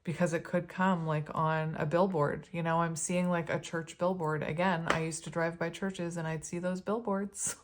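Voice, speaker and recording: Woman, tarot reader, casual spiritual talk, earnest and rambling, slightly low voice. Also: fairly even intonation, moderate pace, few pauses. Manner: earnest, rambling, frequent "like" and "you know".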